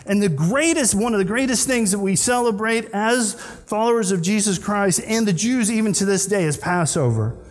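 A male pastor preaching a sermon, asking the congregation questions and answering them himself. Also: sits high. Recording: long hall reverb.

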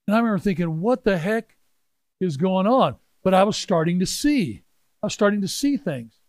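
A man in his sixties telling a personal story in a sermon, swinging from hushed asides to loud exclaiming. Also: a little high, dry recording. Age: 60s. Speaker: pastor.

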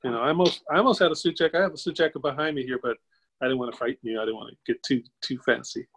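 Older man telling a lively story. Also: racing, breathy edge, poor audio. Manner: animated, acts out quoted voices with jumps in pitch; chuckles while telling. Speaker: interview guest. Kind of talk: casual storytelling.

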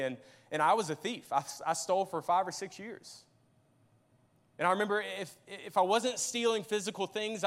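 A young man preaching a sermon, telling his own story earnestly, often restarting his words. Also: fairly high pitch. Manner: earnest storytelling, repeats and restarts when emotional. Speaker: pastor. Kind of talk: sermon with personal testimony. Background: faint guitar music.

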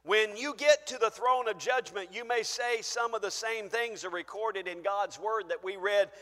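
High-voiced man preaching a sermon. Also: normal speed. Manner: preaching that swings from low quiet asides to loud shouted acted-out pleas. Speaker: pastor. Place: church sanctuary. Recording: church sanctuary with long reverb.

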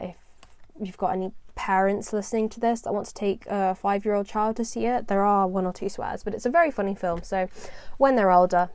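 A woman's voice: medium pitch, darkish tone, no echo. A young woman from the UK hosting her own podcast, chatting casually and rambling, with a self-deprecating humour. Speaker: podcast host. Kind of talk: casual solo podcast chat.

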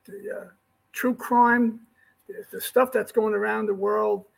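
A man's voice: high-pitched, little pitch movement, measured pace, vocal fry, poor audio. An older man joining as a guest, chatting in a friendly way. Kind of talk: casual chat.

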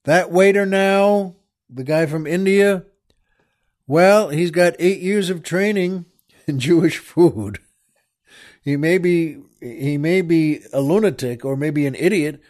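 A man's voice: on the high side, slow pace, a little mellow. Wry rambling older man telling a story. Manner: rambling, wry, with small laughs and restarts. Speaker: podcast host. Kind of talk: casual storytelling monologue.

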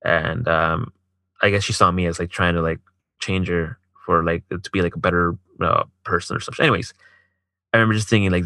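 A man's voice: low voice, fairly even intonation, fairly quick, sharp tone, dry recording. A man telling a personal story in casual chat, swearing a lot, filling his speech with "like", and acting out what others said. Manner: profane, heavy use of filler "like"; acts out quoted dialogue.

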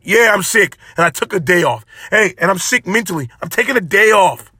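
A man's voice: high voice, animated, a little fast, hardly any pauses, sharp tone, breathy edge, no echo, studio quality. A man hosting his own podcast alone, talking in an impassioned, preachy way and repeating phrases for emphasis. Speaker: podcast host. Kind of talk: solo motivational podcast talk.

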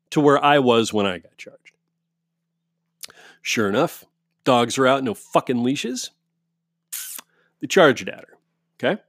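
A man's voice: medium pitch, no room sound, studio quality. A man telling his viewers a story as a heated, profane rant, often restarting his sentences. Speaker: vlogger.

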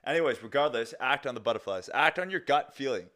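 A man's voice: mid-range voice, expressive, fast talker, bright, forceful tone. A young man hosting a casual solo podcast, rambling loosely with lots of fillers and restarts and some casual swearing. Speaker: podcast host.

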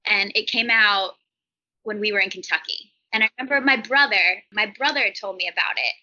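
A woman's voice: mid-range voice, a little fast, pushed and bright, muffled recording. A woman in her thirties, a podcast interview guest, telling stories in a rambling, chatty way with many "like" fillers.

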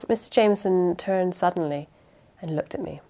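Woman narrating a mystery novel, lowish voice. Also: moderate pace, warm tone. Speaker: audiobook narrator. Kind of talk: first-person novel reading.

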